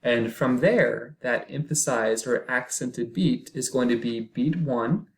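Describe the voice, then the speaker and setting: A man gives a recorded music lesson, talking at an unhurried, deliberate pace. His pitch sits right in the middle of the range. He explains step by step and counts beats out loud. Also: poor audio. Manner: slow, patient explaining, counting beats aloud. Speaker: music teacher. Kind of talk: recorded lecture.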